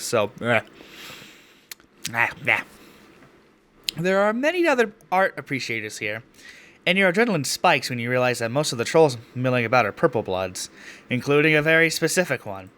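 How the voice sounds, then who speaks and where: A man's voice: mid-range voice, a bit bright. A man reading a visual novel aloud as a let's play host, breaking off for casual, self-deprecating asides with free swearing.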